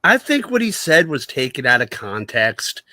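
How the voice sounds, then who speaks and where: A man's voice: mid-range voice, big pitch swings, moderate pace, sharp tone, no echo. A man co-hosting a sports podcast in casual chat, sarcastic and mocking, slipping into whiny put-on voices. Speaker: podcast co-host.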